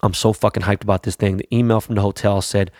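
A man's voice: lowish voice, flat delivery, quick pace, darkish tone, no echo, studio quality. A man chatting casually about his weekend in a slangy, profane, rambling way. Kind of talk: casual chat.

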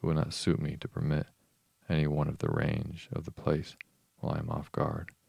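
A man's voice: rumbling low, monotone, normal speed, gravelly, darkish tone, slightly rough, no echo, full character voice. A man reading a stern, surly farm master. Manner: curt, unmannerly.

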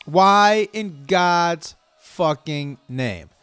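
A man's voice: high voice, animated, drawn-out words, a bit bright, clean tone, dry recording. A man delivering an angry, profanity-heavy, stream-of-consciousness rant to his viewers. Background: faint music playing.

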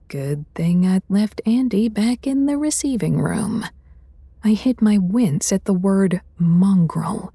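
A woman reading first-person fantasy fiction as narrator in a measured, wry way. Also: mid-range voice, expressive, dark tone, breathy edge, no room sound.

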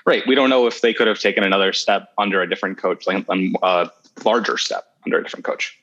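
Man, podcast co-host, lowish voice, hesitant ums, dull lo-fi recording. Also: quick pace, fairly bright tone. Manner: hesitant, many ums and restarts. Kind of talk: casual chat. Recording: slightly dull lo-fi audio.

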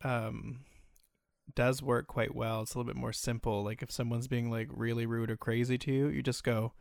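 A man's voice: mid-range voice, little pitch movement, normal speed, gravelly, darkish tone, no room sound, clean studio sound. A man in casual chat who acts out quotes in a playful mock-dramatic voice.

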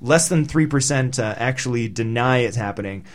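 A man's voice: medium pitch, moderate pace. A man hosting a panel discussion who speaks hesitantly with many fillers while reading out poll figures. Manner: hesitant, filler-heavy, redirecting. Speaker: discussion host. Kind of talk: moderating a panel.

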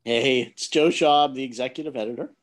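A man with a Pittsburgh accent, chatting on a podcast over a video call while lying down, relaxed, with halting restarts. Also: mid-range voice. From Pennsylvania. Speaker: executive editor. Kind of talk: casual chat.

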